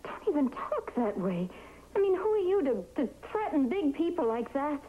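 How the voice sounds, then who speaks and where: A fretful wife who scolds a lot, fairly high voice, dull old tv audio. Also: female voice, sing-song, moderate pace, a little hiss or hum. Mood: scolding. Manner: anxious, scolding. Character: worried, sharp-tongued wife of a waiter. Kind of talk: 1960s TV drama acting.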